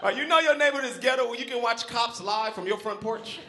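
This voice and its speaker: A man from South Central Los Angeles doing a loud, animated stand-up set, acting out characters. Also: very high voice, fast, echoey room. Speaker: stand-up comedian. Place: comedy club stage. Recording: live club crowd noise. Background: laughing club audience.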